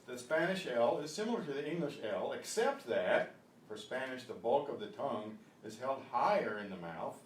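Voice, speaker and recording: A man teaching a beginners Spanish class, patiently repeating words slowly for pronunciation drills. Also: sing-song. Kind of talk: beginner language lesson. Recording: echoey room, voice from a distance, faint rumble.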